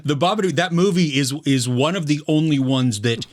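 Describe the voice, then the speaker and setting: A man's voice: on the high side, a little fast. A man co-hosting a casual podcast, easygoing and laughing a lot, with lots of short agreeing replies. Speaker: podcast co-host.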